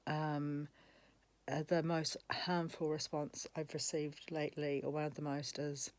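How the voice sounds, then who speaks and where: A woman's voice: sits low, little pitch movement, measured pace. A woman, speaking in an angry, emphatic personal monologue, swearing and repeating herself for emphasis, with a cough at times. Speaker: vlogger.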